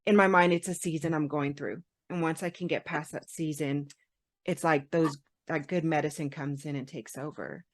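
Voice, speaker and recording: Podcast guest, female, low-ish voice, dry recording, reflective and metaphorical. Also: steady tone, moderate pace, dry recording. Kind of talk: casual chat.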